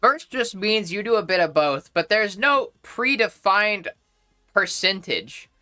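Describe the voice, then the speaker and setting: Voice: medium pitch, expressive, unhurried, bright, forceful tone, soft background music. A young adult streamer casually chatting with a live audience, playful, profane and mock-indignant. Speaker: livestreamer reading chat.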